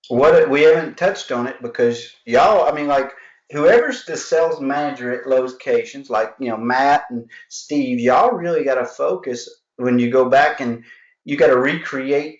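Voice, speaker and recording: Lively sales coach on a call. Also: male voice, on the high side. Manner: energetic, acts out customer dialogues. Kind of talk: live online sales training. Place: home office with alarms. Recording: roomy, dull lo-fi sound.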